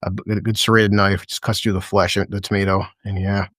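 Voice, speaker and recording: A man's voice: low-pitched, little pitch movement, fairly quick, a bit bright, dry recording. Guy rambling through an episode recap, swears constantly, laughs a lot, dry close sound. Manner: rambling, profane, laughing often. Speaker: show recap host. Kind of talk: casual livestream episode recap.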